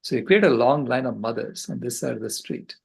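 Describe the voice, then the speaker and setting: An older man on a video call, giving a passionate, earnest storytelling talk with halting restarts. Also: mid-range voice, vocal fry, a little mellow, breathy edge, poor audio. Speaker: conference speaker.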